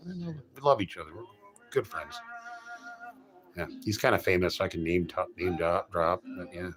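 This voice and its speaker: Over faint background music, a middle-aged man streams and rambles to his audience in a low voice with lively intonation and normal speed. His joking anecdotes are full of restarts and self-corrections.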